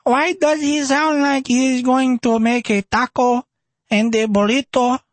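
A man putting on a mocking caricature of a foreign accent, pitched up and exaggerated. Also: level tone, unhurried, no echo. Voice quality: exaggerated high, heavy mock accent.

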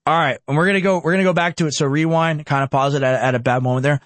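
A man hosting a reaction commentary show, indignant and sarcastic, talking in quick bursts. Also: fairly high pitch, steady tone, dry recording. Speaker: online commentary host.

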